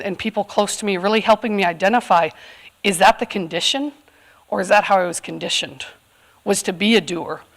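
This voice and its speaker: A woman from California, in her thirties, speaking candidly and earnestly to a live audience, with frequent fillers. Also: mid-range voice. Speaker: community event speaker. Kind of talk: personal talk to a live audience.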